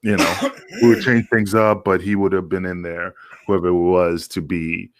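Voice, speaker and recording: Deep-voiced ex-wrestler telling stories. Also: male voice, flat delivery. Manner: loose, profane, halting with many fillers. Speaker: former pro wrestler, guest. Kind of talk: casual storytelling.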